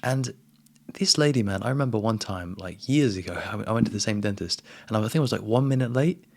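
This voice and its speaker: A man giving a casual spiritual monologue as a coach, relaxed and emphatic, often calling the listener "man". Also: lowish voice, fairly quick, gravelly.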